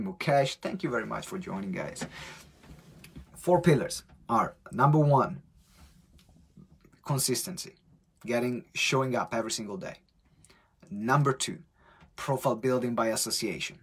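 Italian-accented male coach, husky voice, lively live-stream talk. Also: medium pitch. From Italy. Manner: energetic, animated storytelling with acted-out quotes.

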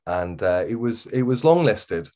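Wirral man on a podcast, low voice, lots of ums, kinda halting. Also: sing-song, dark tone. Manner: hesitant, full of ums and restarts. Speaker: podcast guest. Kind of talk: casual interview chat.

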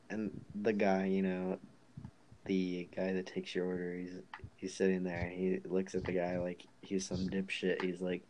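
Low-voiced teen dude, guest on a chill podcast, rambles and swears a lot. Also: male voice, completely flat delivery, normal speed, darkish tone, a little hiss or hum. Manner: rambling storyteller, swears freely. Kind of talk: casual chat.

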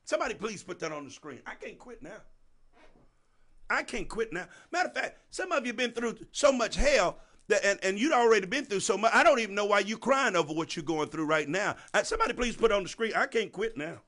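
Preaching to a congregation in a brisk, animated, high voice, a man calls on listeners by name and repeats phrases for emphasis. His volume shifts back and forth between soft and loud.

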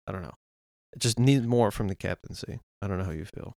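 Gravelly, frustrated man ranting about sports. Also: lowish voice, a little mellow, no echo, studio quality. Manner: frustrated, rapid ranting with restarts and swearing. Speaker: podcast co-host. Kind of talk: casual sports chat.

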